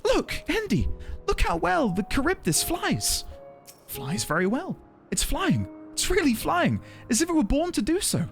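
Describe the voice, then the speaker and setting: A man's voice: very high voice, huge pitch swings, measured pace, gravelly, soft background music, pitched above the performer's own voice, exaggerated voice. A man reading aloud a game character who marvels at a flying ship with breathless, delighted exclamations.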